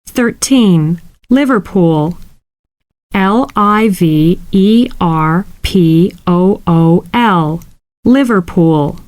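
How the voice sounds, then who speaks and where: A woman reads out a classroom listening drill, spelling each word letter by letter. She takes it slowly, with a close, dry sound and no room around her. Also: lowish voice, lively intonation, a little mellow, no room sound. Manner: slow, clearly spelled-out dictation. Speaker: lesson reader. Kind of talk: scripted listening exercise reading.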